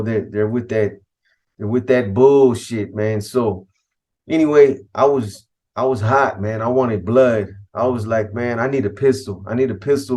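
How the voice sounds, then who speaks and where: A middle-aged man from California telling a story from his past in casual street slang, quoting the people involved. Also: medium pitch. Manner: street slang, cursing, quotes others in dialogue. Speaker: host telling a personal story.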